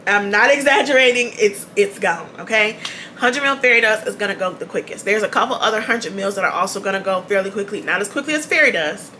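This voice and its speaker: A woman's voice: mid-range voice, expressive, a little fast, pushed and bright, a little hiss or hum. A woman hosting her own channel, chatting casually to the camera, repeating her key points and laughing often. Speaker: beauty channel host.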